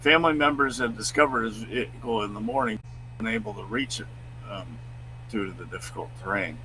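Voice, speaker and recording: A man co-hosting a live stream, chatting casually and reading out news stories in a loud, booming voice. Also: fairly quick, slight background noise, rough recording. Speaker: co-host.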